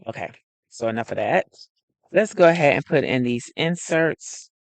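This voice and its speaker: A woman's voice: rumbling low, lively intonation, moderate pace. A woman hosting a live planner stream from home, chatty and greeting viewers by name as she thinks aloud. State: a little out of breath. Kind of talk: casual live-stream chat.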